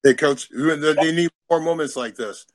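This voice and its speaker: A man's voice: a little high, a little slow. A man calling in to a faith talk show, speaking in an earnest, preachy way.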